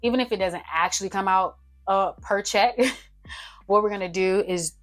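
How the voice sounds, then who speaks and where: A young woman chatting casually to her viewers as she works out a budget on paper, counting figures out loud. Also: mid-range voice, normal speed. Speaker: budgeting vlogger. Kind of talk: casual talk-through while writing a budget. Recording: faint music behind.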